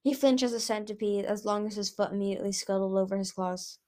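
Expressive woman reading a storybook. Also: mid-range voice, quick pace. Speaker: audiobook reader.

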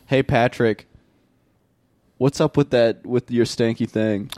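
A man's voice: mid-range voice, steady tone, slow, darkish tone, no echo. A young man co-hosting a podcast, bantering playfully, laughing and reading comments aloud. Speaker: podcast co-host.

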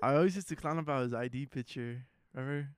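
A man's voice: mid-range voice, quick pace, clear, resonant tone, no echo, clean studio sound. Young man rambling with fillers. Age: young adult. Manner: rambling, hesitant, lots of fillers like "like". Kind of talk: casual chat.

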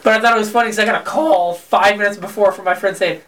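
A bright-voiced man swaps crude, laugh-filled gaming stories on a casual podcast. He sits a bit back from the mic, and a faint hiss runs under the recording. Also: high-pitched, quick pace. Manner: profane, animated storyteller who laughs often. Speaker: podcast co-host. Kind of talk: casual chat. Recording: somewhat distant mic with faint noise.

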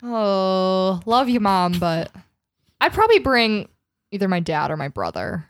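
A woman co-hosting a casual podcast chat, relaxed and agreeable. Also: mid-range voice, a little slow. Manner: relaxed, agreeable, laughs along. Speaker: podcast co-host.

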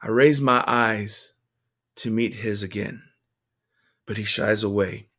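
A man reading his own journal entry aloud to viewers, earnest and emotional, with halting restarts. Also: fairly low pitch, steady tone, fairly bright tone. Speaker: vlogger.

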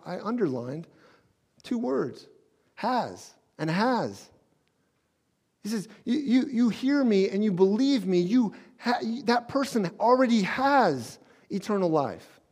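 Soft-dropping conversational male pastor. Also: fairly high pitch. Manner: conversational preaching, drops soft and slow on scripture. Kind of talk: sermon.

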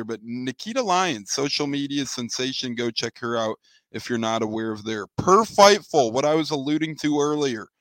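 A man co-hosts a casual wrestling podcast with mid-range pitch. He runs through news items in a joking, teasing way. The sound is dry and close. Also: fairly bright tone, dry recording, rough recording. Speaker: co-host.

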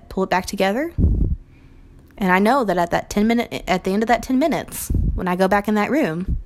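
A young adult woman, a Montessori teacher, speaks earnestly and reflectively on teaching and acts out short quoted phrases. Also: mid-range voice. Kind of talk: recorded talk on teaching.

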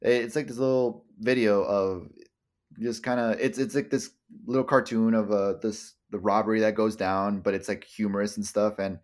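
A man's voice: lowish voice, steady tone, moderate pace. A young man co-hosting a casual podcast chat, rambling and swearing often, with many stammered restarts. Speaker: podcast co-host.

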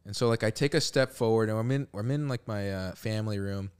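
A young man tells a long story on a podcast with friends. His voice is smooth and clear and sits a little low. He is laid-back, swears freely and leans on "like" between phrases. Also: fast talker. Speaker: podcast co-host. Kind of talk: casual storytelling chat.

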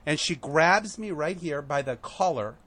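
A man telling a story on a podcast, acting out the quotes with lively shifts and growing emotional at moments. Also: on the high side, measured pace. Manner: animated, acts out quotes, emotional at times. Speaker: guest.

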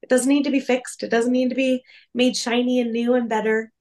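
A woman's voice: fairly high pitch, little pitch movement, brisk, darkish tone. A woman co-hosting a faith-based podcast, talking earnestly and reflectively with many fillers. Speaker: podcast co-host.

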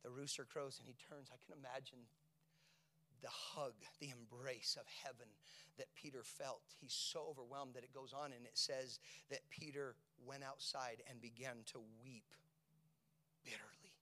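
A male preacher giving a sermon, asking his listeners questions and moving between hushed whispers and loud, shouted peaks. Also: mid-range voice, steady tone, moderate pace. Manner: asks the congregation rhetorical questions.

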